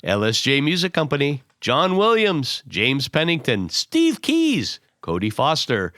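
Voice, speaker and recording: A hoarse man with bronchitis co-hosting a podcast, reading names with playful banter. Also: on the high side, huge pitch swings, measured pace, fairly bright tone, no room sound, studio quality. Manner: playful, reads a long list of names. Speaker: podcast co-host. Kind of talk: casual chat.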